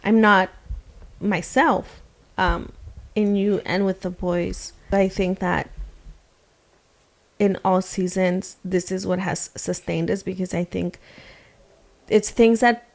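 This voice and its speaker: Woman, 30s, podcast co-host, reflective and gentle delivery, some vocal fry. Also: mid-range voice, fairly even intonation, slow pace, pauses often. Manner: reflective, soft-spoken, laughs often. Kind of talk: casual faith chat.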